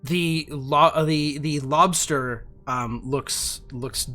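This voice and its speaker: A man running a tabletop game as game master, narrating in a halting way with restarts. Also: a little high, sharp tone, faint music behind.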